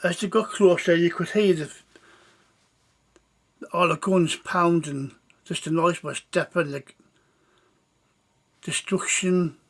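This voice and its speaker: A man telling a war story, unhurried and halting. His voice sits high for a man. The narration pauses often between phrases. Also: a bit bright.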